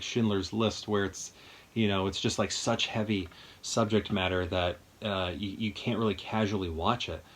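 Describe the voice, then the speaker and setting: A man with a somewhat low voice talks casually in his home movie room. He rambles and thinks aloud, upbeat and enthusiastic as he walks through his collection. His delivery is loose and conversational. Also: a bit bright, slight background noise. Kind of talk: casual chat.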